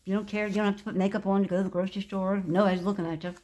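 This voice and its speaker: A woman in her sixties talks through her handmade journal in a relaxed show-and-tell. She gushes over every page and wanders off on side thoughts. Her pitch sits in an ordinary middle range. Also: very fast. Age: 60s. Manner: gushing, chatty, meandering. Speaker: craft vlogger. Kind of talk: casual craft show-and-tell.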